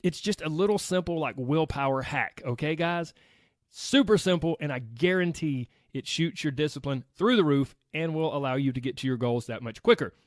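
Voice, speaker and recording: A man's voice: a little high, expressive, normal speed, no echo, studio quality. A man with a Southern American accent hosting a solo podcast in an upbeat, chatty way, talking straight to his listeners. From United States. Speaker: podcast host.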